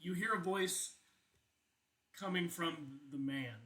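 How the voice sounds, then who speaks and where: A man's voice: on the high side, slow, a crowd in the background. A man narrating as game master of a tabletop game, chatty, with many fillers and laughs.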